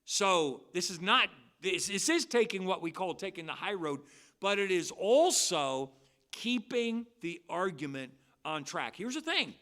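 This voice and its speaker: A man preaching as pastor at a midweek church service, swinging between loud, drawn-out stressed words and quiet, quick asides. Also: high voice, big pitch swings. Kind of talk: expository sermon. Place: church sanctuary.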